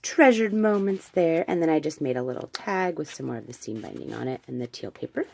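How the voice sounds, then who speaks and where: A woman's voice: sits low, very animated, fairly quick, creaky, darkish tone. A woman chatting casually as she shows off a handmade craft album, gushing and correcting herself as she goes. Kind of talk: casual show-and-tell vlog.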